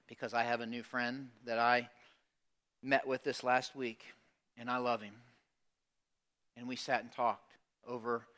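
A man's voice: mid-range voice, bright, forceful tone. A male pastor preaching a sermon with emphatic call-and-response, putting direct questions to his congregation.

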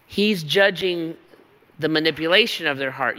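Man pastor, sermon, emphatic repetitive cadence, bright forceful tone, long church reverb. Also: a little high, normal speed.

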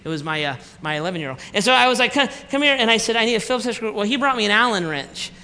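A man preaching a sermon, telling a comic family story with acted-out dialogue, then slowing down for the lesson. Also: high-pitched, lively intonation, bright, forceful tone. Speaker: pastor. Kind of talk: sermon with a humorous personal story. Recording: reverberant hall with faint room noise.

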